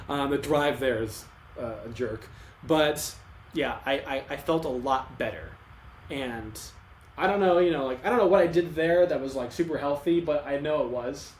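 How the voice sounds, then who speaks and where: A man's voice: mid-range voice, moderate pace. Rambling young man in an echoey room. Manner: rambling, restarts often, emotional retelling. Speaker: podcast co-host. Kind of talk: casual podcast conversation. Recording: echoey room, faint ambient noise.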